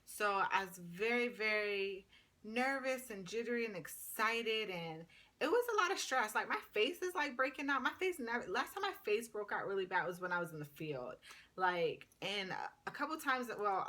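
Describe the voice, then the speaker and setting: A woman in her thirties, a paramedic student, telling a story in a casual, chatty vlog. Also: medium pitch. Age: 30s. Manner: chatty, animated retelling full of "like".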